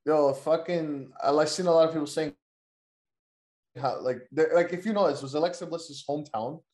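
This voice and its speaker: A man's voice: on the high side, normal speed, a little mellow, roomy sound. A man hosting a wrestling podcast, talking loosely with jokes and plenty of swearing. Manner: loose, joking, profane banter. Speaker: podcast host. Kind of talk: casual wrestling podcast chat.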